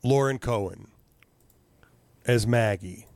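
A man chatting casually, telling animated stories, swearing freely and acting out what people said. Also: lowish voice, slow, gravelly, no echo. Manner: animated storyteller, swears freely, acts out quotes. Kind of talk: casual chat.

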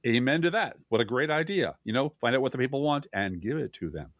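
A man's voice: mid-range voice, expressive, fast talker, fairly bright tone, no echo, clean studio sound. A man co-hosting a casual political podcast, reading news quotes aloud with sarcastic asides. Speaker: podcast co-host.

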